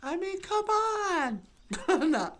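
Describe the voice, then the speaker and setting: A performer voices a giggly, rambling cartoon woman in a puppet show monologue, her high, sing-song voice swooping through big pitch swings. The exaggerated, slightly bright delivery is extremely slow as she muses aloud, taking her time over each word. Birds sing around her.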